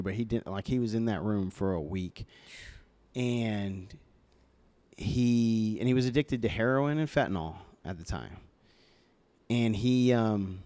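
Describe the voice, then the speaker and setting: A man's voice: fairly low pitch, a little mellow. A young man as a podcast guest, telling a personal story hesitantly, with many fillers and restarts. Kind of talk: casual storytelling interview. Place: podcast studio. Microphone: podcast microphone.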